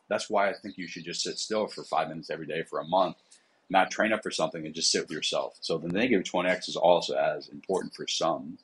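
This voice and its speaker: A man's voice: sits low, fast, a bit bright, slightly rough, poor audio. A man, a psychotherapist and coach, talking casually in a podcast interview, with many fillers.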